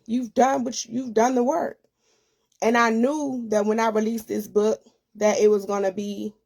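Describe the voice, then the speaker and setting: A woman's voice: mid-range voice, gravelly, a little mellow. A woman speaking as an author and host, giving a personal testimony in an emotional, conversational way and addressing listeners directly.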